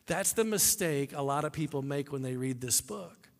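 A man's voice: medium pitch, expressive, normal speed, gravelly. A man preaching a sermon, telling a story dramatically and acting out the people in it. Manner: dramatic storytelling, acts out voices. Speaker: pastor. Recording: long hall reverb.

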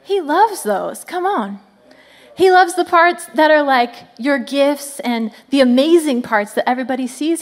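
A high-voiced woman in her thirties preaching to families. She swings between bright, lively calls to the crowd and softer, slower lines. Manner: animated, frequent "come on" calls to the crowd. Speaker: children's ministry speaker. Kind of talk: sermon to families.

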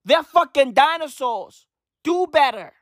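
A woman's voice: high voice, animated, unhurried, no room sound, studio quality. A woman ranting in casual commentary, swearing freely and leaning on slang fillers. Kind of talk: profane slangy commentary rant.

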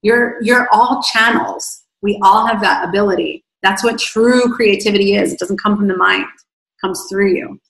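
A woman's voice: mid-range voice, steady tone, normal speed, vocal fry, a bit bright, roomy sound, low-quality recording. A woman hosting a livestream as an online coach, reading viewer comments aloud and answering in an effusive, rambling way, her voice starting to fade after a long session. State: voice fading from long talking.

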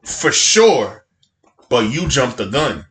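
A man's voice: mid-range voice, big pitch swings, takes it slowly, a bit bright, echoey room. Man in his 30s, podcast co-host, casual chat, blunt, laid-back, swears a lot.

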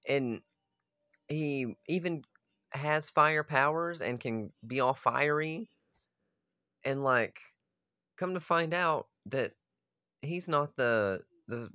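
A man's voice: medium pitch, bright, forceful tone, no echo, studio quality. A man ranting casually about a video game story, profane and exasperated. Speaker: gaming video host. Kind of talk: casual rant.

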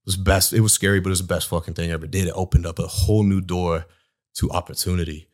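A man's voice: deep voice, level tone, fast talker. A man from Southeast Iowa, a personal trainer, telling blunt, profane stories in a casual podcast chat.

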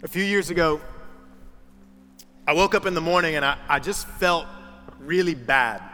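A young adult man preaching a sermon in a large church, telling stories in a relaxed, conversational way and putting on the voices of the people he quotes. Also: on the high side, moderate pace. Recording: reverberant hall with music underneath.

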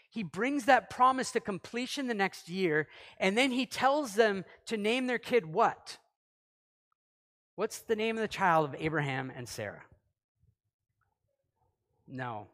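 A man preaching a sermon in a conversational way, acting out quotes and swinging between loud and soft. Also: high voice. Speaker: pastor. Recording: long hall reverb.

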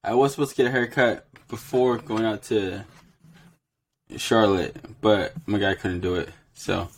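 A man's voice: lowish voice, fairly even intonation, a little slow, slight background noise. A man hosting a podcast in casual chat, loose and chatty, with frequent laughs and filler words. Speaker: podcast host.

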